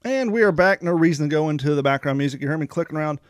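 A male podcast host talking in a chatty, rambling way and pitching offers with sales energy. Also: animated, racing, smooth, no room sound, clean studio sound. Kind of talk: casual podcast chat and ad reads.

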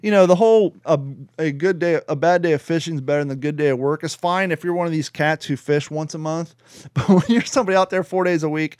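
A man hosting a casual chat, animated and swearing, acting out voices in his stories. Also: fairly high pitch, fast, smooth, no echo, clean studio sound. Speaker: podcast host.

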